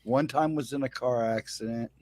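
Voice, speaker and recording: Casting: laid-back man guest, mid pitch, dry close sound, unhurried storyteller. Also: a little mellow, no room sound. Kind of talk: casual storytelling on a livestream.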